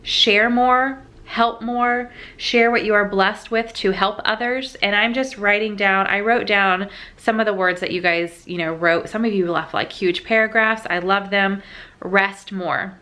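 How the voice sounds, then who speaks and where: A young adult woman vlogger in an emotional, heartfelt sit-down chat, halting and tearful at times. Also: medium pitch, steady tone, sharp tone.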